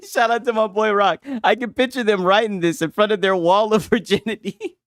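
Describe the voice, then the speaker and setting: A man hosts a casual gaming livestream as a commentary streamer, mocking his audience with lots of laughter and profanity. His voice is high-pitched and a bit bright at a moderate pace, with clean studio sound and no room sound.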